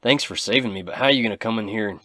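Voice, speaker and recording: A man doing a loud, brash rancher. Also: on the low side, very fast, no room sound, studio quality. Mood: scornful. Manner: loud, swearing, defiant. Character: brash rough-spoken male rancher.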